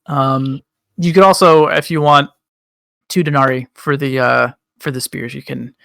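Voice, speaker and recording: A man narrating a tabletop game as game master in a relaxed way, pausing often. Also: medium pitch, creaky, no room sound. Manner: relaxed, with frequent ums and pauses.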